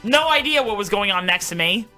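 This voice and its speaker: A middle-aged woman co-hosts a podcast, spinning profane stories with excitement. Her voice leaps through a lively pitch range and sounds bright and sharp. Faint music runs underneath. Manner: profane, excitable, quick storyteller. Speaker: podcast co-host. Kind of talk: crude casual chat.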